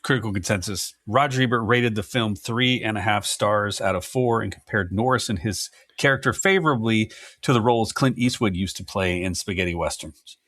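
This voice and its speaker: A man's voice: lowish voice, brisk, fairly bright tone, dry recording, clean studio sound. A man co-hosting a casual movie podcast, joking and reading critics' reviews aloud with wry asides. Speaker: podcast co-host.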